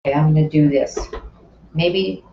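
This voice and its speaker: A woman's voice: sits low, normal speed. A woman teaching a live cooking class in her kitchen, chatty, explaining each step and adding asides as she works. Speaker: cooking instructor. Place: home kitchen. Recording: roomy, distant, dull sound with faint kitchen noise.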